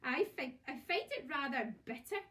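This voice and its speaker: A woman's voice: high voice, lively intonation, normal speed, bright, forceful tone. A woman with a Scottish accent voicing a nasty, grumbling old man in a storybook. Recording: voice from far off.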